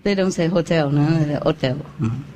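A woman telling a joke to a crowd in halting English and laughing often. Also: low voice, mellow. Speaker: speaker telling a joke to an audience. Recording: crowd and noise in room.

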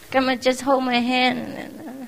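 Field: woman. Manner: laughing, affectionate. Pitch: fairly high. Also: a bit bright, rough recording. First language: not English. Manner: laughs often, affectionate and teasing; simple, non-native English phrasing. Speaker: spiritual teacher. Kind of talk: informal farewell talk to followers.

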